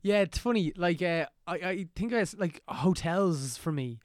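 Brief: male podcast host, slightly high voice, dry close sound, relaxed questioner. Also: normal speed, dry recording. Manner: easygoing questioner, chuckles often. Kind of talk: casual podcast chat.

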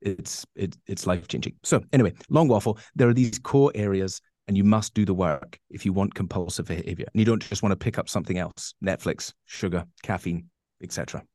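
A man's voice: low voice, fairly quick, warm tone, dry recording, clean studio sound. A man answering interview questions as a coach, emphatic and rambling, with many fillers and restarts. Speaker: guest coach.

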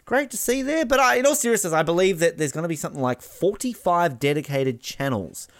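A man's voice: a little high, animated, fast, fairly bright tone. A man hosting a podcast, chatting casually in a joking, rambling way. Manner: joking, rambling, lots of fillers. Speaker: podcast host. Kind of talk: casual chat.

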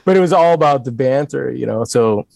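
A man in a relaxed podcast conversation spins a tour anecdote with a lively, swinging pitch and chuckles. His voice sits in a middle register and the sound is dry and close. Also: fairly quick, vocal fry, dry recording. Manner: animated, laughing storyteller. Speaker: guest musician. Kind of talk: casual podcast storytelling.

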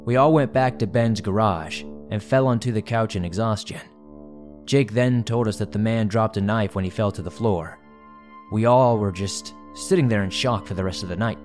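A man hosting a horror story show, narrating listener-submitted stories in a measured way. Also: on the low side, a little mellow, faint music behind.

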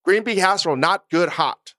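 A man's voice: sits high, a little fast, bright, forceful tone, no echo, studio quality. A man co-hosting a podcast, chatting casually in a blunt, profane, self-mocking way. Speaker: podcast co-host. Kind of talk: casual chat.

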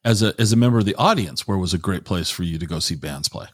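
A man's voice: low voice, expressive, quick pace, no echo, clean studio sound. A man interviewing a guest in a casual way, asking playful, probing questions.

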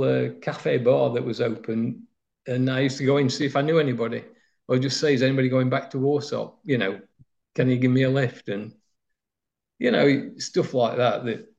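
Gravelly older man reminiscing. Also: medium pitch, a little mellow. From Nottinghamshire, England. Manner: rambling, anecdotal, many fillers. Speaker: former footballer, interviewee. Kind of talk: reminiscing interview. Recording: slightly dull lo-fi sound.

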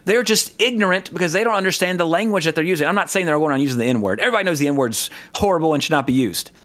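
Man from the American South, fairly high voice, rambling, lots of fillers and restarts, casual podcast chat. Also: expressive, racing, fairly bright tone. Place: Southern California.

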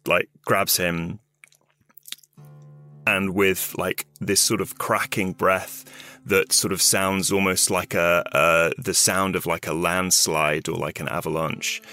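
A man's voice: deep voice, pushed and bright. A man playing a tabletop game, narrating his character's backstory in a hesitant way with many restarts. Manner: hesitant, full of fillers and restarts. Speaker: player. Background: guitar music.

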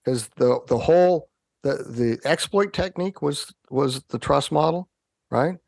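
A man from the United States, a podcast guest, telling animated, wry anecdotes in an interview. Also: fairly high pitch, a little slow, gravelly, dry recording, studio quality.

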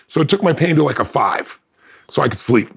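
A man who is a podcast guest, telling a personal story in an animated way. He laughs between lines and acts out what other people said. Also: medium pitch, fairly quick, gravelly, husky.

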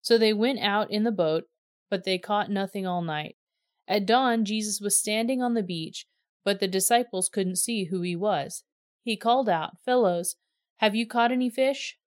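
Woman reader, measured scripted narration, dry close recording, mid pitch. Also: dry recording.

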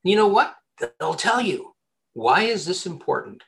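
A man with a slightly raised voice explains job-hunting tactics in a loose, conversational interview. He talks with lively energy, repeating words and restarting sentences as he thinks aloud. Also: high-pitched, measured pace, creaky. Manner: animated, chatty, many restarts and repeated words. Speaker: headhunter giving job-search advice. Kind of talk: casual advice interview.

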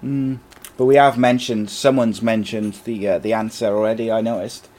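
A man with a fairly low voice hosts a loose, chatty football podcast. He rattles off player names and reads listener comments aloud in an easygoing way. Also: level tone, normal speed, a little mellow. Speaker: podcast host. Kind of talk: casual football chat.

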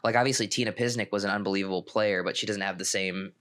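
A male podcast co-host and pro pickleball player in casual chat, talking in a relaxed, rambling way with frequent restarts. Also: fairly low pitch, fast.

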